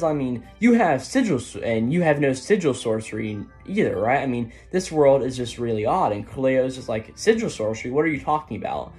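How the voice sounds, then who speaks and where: A man talks through a manga chapter in a loose, rambling way, dropping "um" and "right?" everywhere. His pitch sits in an ordinary middle range. Faint music plays quietly under his voice. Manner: rambling, heavy on fillers like "um" and "right?". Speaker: manga reviewer. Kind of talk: casual recap of a manga chapter.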